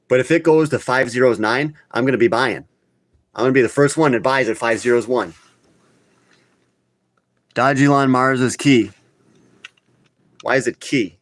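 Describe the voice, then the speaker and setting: Hosting a live online market chat for his crypto channel, a man talks off the cuff, blunt and excitable, scolding viewers when he gets worked up. His pitch is an ordinary middle, and the recording is dry and close, with no room sound or echo.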